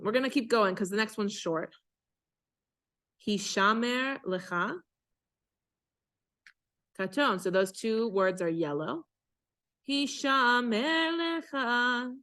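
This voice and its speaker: Teaching Torah chanting to a synagogue class, a cantor with a bright, ringing voice of medium pitch talks through every chanted phrase in a patient, conversational manner before slowly singing it as a model.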